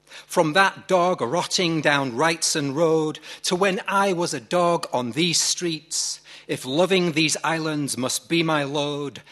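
A proud, wayward sailor-poet speaks of his islands in slow, weighty lines, as a Yorkshire-accented man reads him aloud. The voice is husky and unhurried, with a measured recitation. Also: on the high side, fairly bright tone. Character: rusty-headed mixed-race sailor-poet man. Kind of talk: poetry reading.

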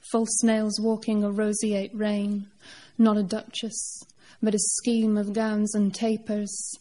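A woman poet reads her work aloud at a live event. Her delivery is measured and deliberate, with a flat, even pitch. Her tone is mellow and dark. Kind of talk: live poetry reading.

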